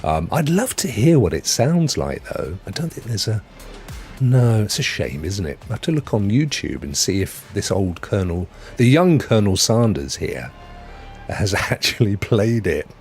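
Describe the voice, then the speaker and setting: A man's voice: lowish voice, sing-song, normal speed, darkish tone, soft background music. A man hosting a gaming news live stream, chatty and jokey, laughing often. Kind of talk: casual live-stream chat.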